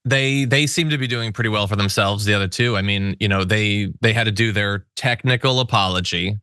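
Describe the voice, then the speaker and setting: A male news host with a bright, forceful voice, giving wry, sarcastic political commentary. The studio sound is dry and close, with no room echo. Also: medium pitch.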